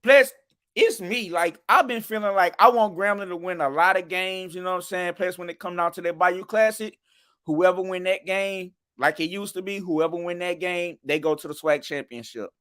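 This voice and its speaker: A man's voice: high-pitched, normal speed, a bit bright, clean tone. A man talking casually about college football on a podcast, rambling with many restarts. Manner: rambling, restarts, keeps asking "you know what I'm saying". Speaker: podcast co-host. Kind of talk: casual sports podcast chat.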